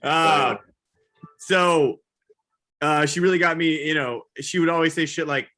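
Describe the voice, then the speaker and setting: A man doing a rambling, self-deprecating stand-up comedy set, now and then yelling high whoops. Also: a little slow. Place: comedy show, live virtual audience.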